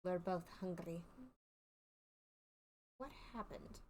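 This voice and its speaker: A woman voicing a smooth, scheming circus boss, putting on a French accent and reading game dialogue aloud in a theatrical, sly manner over a faint hiss. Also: fairly low pitch, slow, a little mellow. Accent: put-on French.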